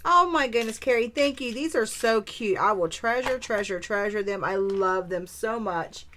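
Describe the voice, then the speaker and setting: A woman's voice: medium pitch, moderate pace, slight background noise. A woman vlogger chatting casually as she opens a craft supply swap, gushing with delighted exclamations over each item. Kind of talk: casual unboxing chat.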